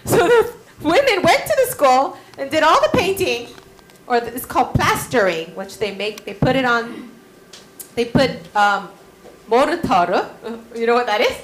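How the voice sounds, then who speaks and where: A woman tells a story to a group of children, slow and unhurried, her high voice swooping up and down. She keeps asking the kids questions as she goes. The room echoes, with faint music behind her. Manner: animated, asks the children questions. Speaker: children's Bible teacher.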